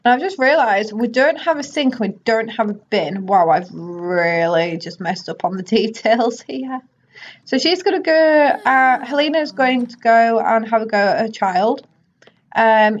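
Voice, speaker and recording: A woman's voice: on the high side, a little slow. A woman giving casual, chatty commentary while playing a life-simulation game and bossing her characters around. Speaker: gaming YouTuber. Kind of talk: casual let's play commentary. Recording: slightly muffled audio.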